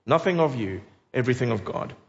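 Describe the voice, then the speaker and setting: A man's voice: mid-range voice, animated, brisk, vocal fry. A man preaching a sermon in an earnest, emphatic way, putting direct questions to his listeners. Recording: dull lo-fi recording.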